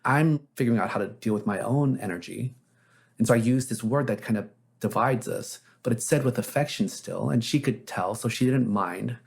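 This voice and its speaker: A man's voice: medium pitch, normal speed, vocal fry, darkish tone, husky. A man, a therapist, telling anecdotes as an interview guest in a casual, reflective way with frequent fillers.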